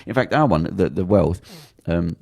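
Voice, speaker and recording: A British man hosts a casual podcast in a deep, dark voice full of gravel. He talks fast and bluntly, swearing as he rambles from point to point. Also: animated. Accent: British English. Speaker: podcast host.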